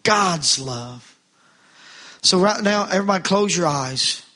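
A bright, high-pitched male preacher in the middle of a fervent sermon. He speaks straight to the congregation, asking them questions and pressing them to answer. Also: expressive, a little slow. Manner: preaching with rising fervor, calls to the congregation.

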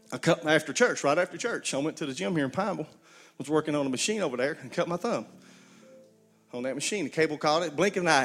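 A man's voice: fairly high pitch, fairly bright tone. A man preaching a sermon, folksy storytelling with call-and-response to his congregation. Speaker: pastor.

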